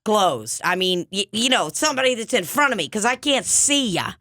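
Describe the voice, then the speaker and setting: A woman's voice: mid-range voice, very animated, moderate pace, bright, forceful tone, no echo, studio quality. A woman playing a brash, pushy fake psychic medium with a put-on Long Island accent, in an improvised comedy sketch. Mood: agitated. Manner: pushy, rambling, streetwise patter. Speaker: podcast co-host.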